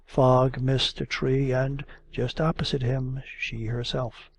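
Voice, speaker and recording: In a measured, expressive audiobook style, a man narrates classic literature. His voice sits in the middle range and is strongly gravelly and husky.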